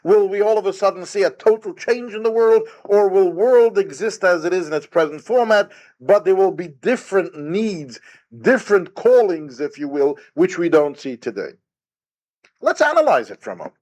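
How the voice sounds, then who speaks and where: A man's voice: sits high, animated, moderate pace, a little mellow. A man, a rabbi, giving a recorded Torah lecture, emphatic and full of rhetorical questions. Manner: retells Talmud story with quoted sage dialogue.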